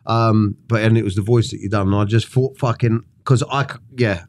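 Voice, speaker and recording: A man's voice: lowish voice, fairly even intonation, brisk. A man, hosting a podcast and asking blunt, sweary questions in casual chat. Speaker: podcast host. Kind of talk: casual interview.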